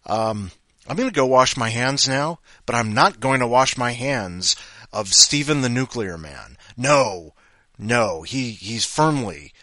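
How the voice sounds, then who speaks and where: A man's voice: mid-range voice, pushed and bright, no echo. A man hosting a podcast, rambling in a self-deprecating, jokey way between segments. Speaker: podcast host. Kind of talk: casual chat.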